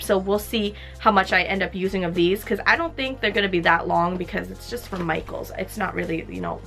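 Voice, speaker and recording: A young woman in her twenties talks casually as she wraps gifts. She sounds heartfelt and chatty, with her sentences full of little fillers. Quiet music plays faintly underneath. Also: mid-range voice. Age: 20s. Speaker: lifestyle vlogger. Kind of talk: casual chat while wrapping gifts.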